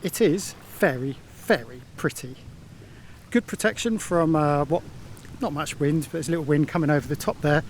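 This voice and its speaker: Man, sailing vlog host, casual rambling chat, slightly high voice, faint background noise. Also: moderate pace. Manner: chatty, cheerful, rambling with fillers. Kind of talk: casual vlog narration to camera. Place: outdoors at an anchorage.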